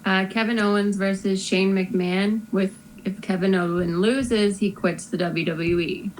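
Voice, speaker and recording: A woman's voice: mid-range voice, fairly even intonation, measured pace, a little mellow, slight background noise, low-quality recording. A woman co-hosting a podcast in casual chat, reading out the matches and giving her picks. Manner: reads out the match card, offers opinions casually. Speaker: podcast co-host.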